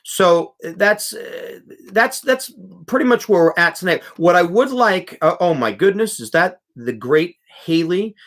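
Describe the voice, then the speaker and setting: Chatty music teacher hosting a live stream. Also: male voice, high voice, animated, measured pace. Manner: rambling, warm, with many restarts and fillers. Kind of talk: casual live-stream talk reading chat comments.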